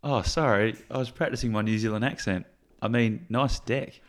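A man's voice: on the low side, brisk, pitched below the performer's own voice, close to an everyday voice. A man voicing a neighbour in a comic ad skit, putting on a mangled New Zealand accent. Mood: jokey. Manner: playful, comic ad-skit delivery.

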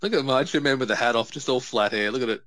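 A man's voice: medium pitch, a bit bright, no room sound. A man with an everyday mid-range voice chats through a wrestling match. He tells stories, laughs easily, and slips into quoted voices. The mic is close and dry. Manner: storytelling, quick laughs, acts out quotes. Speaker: podcast co-host. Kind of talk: casual watch-along commentary.

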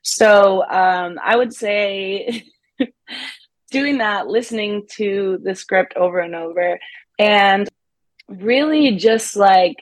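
Young woman, guest actress, chatty and upbeat, quick laughs, dry close recording. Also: mid-range voice, no room sound. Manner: upbeat, laughs often, many fillers like "like". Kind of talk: casual interview chat.

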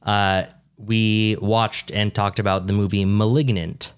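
A man co-hosting a podcast in casual chat, with a dry, joking and drawn-out delivery. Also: on the low side, level tone, clean tone. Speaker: podcast co-host.

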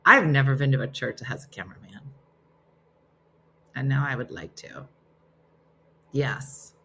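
A woman's voice: a bass voice, animated, normal speed, gravelly, a little hiss or hum. A woman hosting a casual livestream, chatting and reading viewer comments aloud, chatty and self-deprecating with frequent laughs. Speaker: livestream host.

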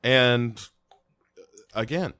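A man co-hosting a podcast in casual chat, deadpan and rambling with lots of fillers. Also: mid-range voice, drawn-out words. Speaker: podcast co-host.

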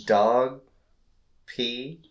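A woman's voice: extremely low pitch, fairly even intonation, highs cut off. A woman hosting a casual podcast, playful and teasing as she plays a word-guessing game. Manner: playful and teasing, sounds out garbled phrases slowly. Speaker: podcast host.

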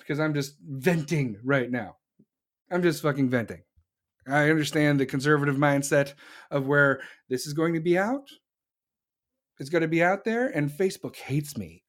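Profane, fired-up male podcast host. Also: a little high. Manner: angry, profane, combative ranting; talks to live listeners. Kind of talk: solo political rant podcast.

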